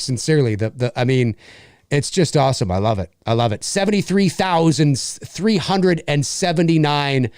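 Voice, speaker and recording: A middle-aged Canadian man with a Canadian accent hosts a casual livestream, reading chat comments and enthusiastically repeating himself. His voice is a little high, darkish and smooth, captured in studio quality with no echo.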